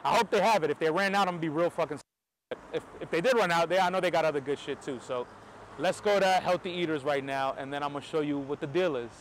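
A man from New York with a New York American accent, talking excitedly to camera in a casual vlog on a city street, swearing now and then. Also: on the high side, fast talker, a little hiss or hum. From New York, USA. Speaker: film photography vlogger.

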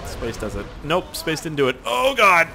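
Excitable young man gaming, swearing. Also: on the high side, moderate pace, creaky, soft background music. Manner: excitable, profane, yelling at the game. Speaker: gaming youtuber. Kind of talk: let's play commentary.

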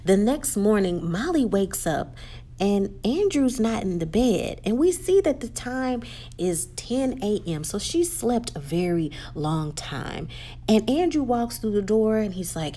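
A woman talks through a TV episode in a relaxed, chatty way. Her pitch swings widely as she tells the story, and she drops into the characters' voices while filling her sentences with "you know" and "like.". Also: unhurried. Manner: animated storytelling, acts out characters' quotes; frequent "you know" and "like" fillers. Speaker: YouTube TV recapper. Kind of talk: casual episode recap.

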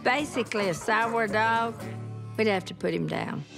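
A woman's voice: medium pitch, normal speed, gravelly. A woman giving a wry, teasing to-camera remark. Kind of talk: to-camera interview. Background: loud background music.

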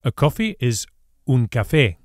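A man's voice: mid-range voice, sing-song, a little slow, no echo, studio quality. A man teaching Spanish in a scripted lesson, explaining patiently and saying each example word carefully. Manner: careful, patient explanation with clear model pronunciations. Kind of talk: scripted language lesson narration.

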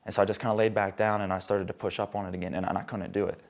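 A man's voice: low voice, little pitch movement, rapid-fire. A young man telling his conversion testimony as a guest, rambling, with many restarts.

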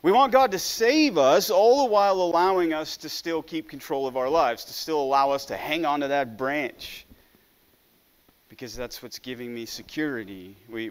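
A man's voice: fairly high pitch, smooth. A man preaching a sermon in an earnest way, often stumbling over the first word of a phrase. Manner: earnest, with frequent stammered restarts.

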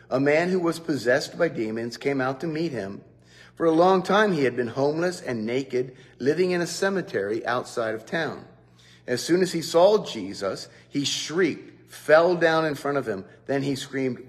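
A man giving a devotional Bible teaching, animated, who often acts out quotes. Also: medium pitch. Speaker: preacher.

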